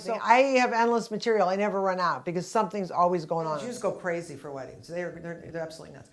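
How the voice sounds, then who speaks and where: Animated middle-aged woman doing stand-up. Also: lowish voice, quick pace, hardly any pauses. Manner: animated storyteller acting out characters with big exclamations. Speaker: stand-up comedian. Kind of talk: stand-up routine.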